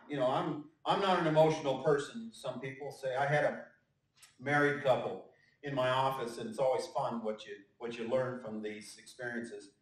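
A male pastor giving a conversational sermon with joking asides and frequent fillers. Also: mid-range voice. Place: church sanctuary. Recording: echoey church hall, mic at a distance.

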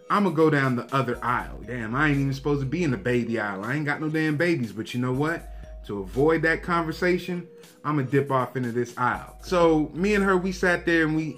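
A young man tells a story to his viewers in a loose, animated way, swearing freely and acting out the lines of the people in it. His voice sits at a middle pitch. Faint music plays behind him. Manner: animated, profane, acts out quotes. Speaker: vlogger. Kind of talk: casual storytelling to camera.

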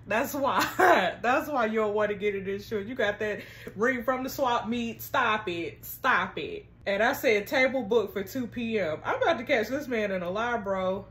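A woman hosting a text-message game, reading the chats aloud and reacting with sassy, animated commentary. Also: on the high side. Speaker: gaming channel host.

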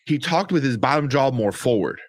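A man's voice: medium pitch, animated, a little fast, dry recording, studio quality. A man co-hosting a podcast review, rambling in casual chat with lots of fillers, swearing and laughter. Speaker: podcast co-host reviewing a movie.

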